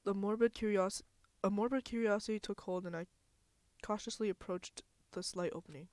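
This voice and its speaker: A woman streamer who reads game text aloud and reacts with expressive, dramatic outbursts. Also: mid-range voice, brisk, no echo.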